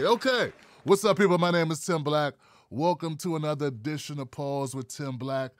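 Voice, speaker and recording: A man's voice: on the high side, moderate pace, some chatter behind. Man hosting a sarcastic live show. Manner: playful, sarcastic asides. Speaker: show host. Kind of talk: livestream political talk.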